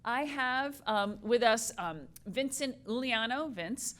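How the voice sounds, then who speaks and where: A woman's voice: a little high, animated, slow, fairly bright tone. A woman hosting a community meeting, thanking people and introducing the guests in a hesitant way with many fillers. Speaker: meeting moderator.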